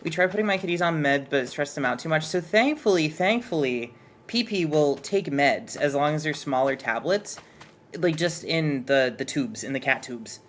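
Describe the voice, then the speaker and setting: Chatting casually at home, a man who is a streamer's partner and guest artist rambles, sounding hesitant and nervously restarting his sentences. His voice is on the high side with lively intonation at a moderate pace, over slight background noise.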